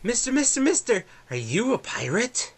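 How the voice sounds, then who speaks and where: A man voicing a wide-eyed, nervous little boy who asks high, stammering questions. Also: sing-song, moderate pace, a loud crowd, heavily acted.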